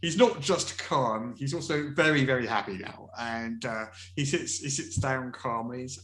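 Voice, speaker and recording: A man narrating a tabletop game as game master, animated and laughing, with many fillers. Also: mid-range voice, normal speed, hardly any pauses. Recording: roomy echo with faint music.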